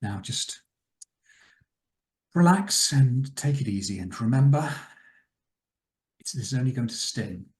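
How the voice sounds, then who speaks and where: A man voicing a dead-eyed aristocratic woman surgeon in a tabletop game, speaking in a high-pitched, soft, cold and soothing way. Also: very animated, unhurried, pauses often, roomy sound. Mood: coldly soothing.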